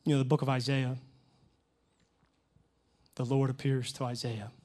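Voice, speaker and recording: A man preaching as a youth pastor, telling stories earnestly and emotionally, with sudden loud rises. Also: mid-range voice, flat delivery, moderate pace. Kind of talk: preaching a sermon.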